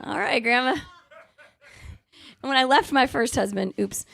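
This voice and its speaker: A woman's voice: high-pitched, expressive, a little slow, creaky, fairly bright tone. A woman singer chatting casually and telling stories between songs on a live music show. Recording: live music playing behind the voice.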